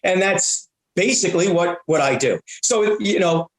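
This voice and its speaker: A man around sixty, a comedian guest telling animated stories and stumbling over repeated words. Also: high-pitched, measured pace. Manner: excitable, repeats and restarts words often. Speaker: guest, prank-call comedian and voice actor. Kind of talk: animated anecdotal storytelling. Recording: roomy echo.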